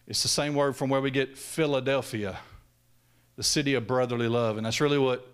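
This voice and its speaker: A man preaching a sermon, swinging from loud raised peaks down to hushed, low lines. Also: steady tone, fairly quick, clear, resonant tone.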